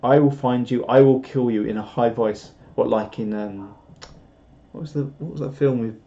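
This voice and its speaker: On a dull, lo-fi recording, a live stream host with a warm, medium-pitched voice speaks at normal speed. He reads viewers' comments aloud in a jokey, meandering style, keeping the chat casual.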